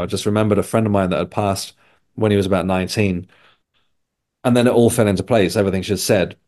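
As a guest on a podcast, this English man rambles through a personal story in casual conversation, often restarting and correcting himself. He talks fast in a lowish, darkish voice with fairly even intonation.

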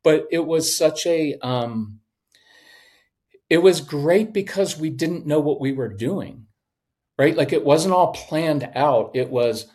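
Middle-aged man, podcast guest, animated storyteller who slips into voices. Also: a little high, takes it slowly. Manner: animated, acts out voices in anecdotes. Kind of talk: storytelling in a conversation.

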